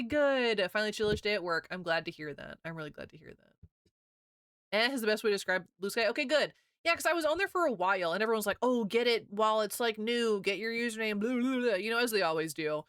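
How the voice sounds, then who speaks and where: A woman in her thirties streaming, chatting casually with viewers, giggling often and talking quickly. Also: medium pitch, fairly bright tone, no room sound, studio quality.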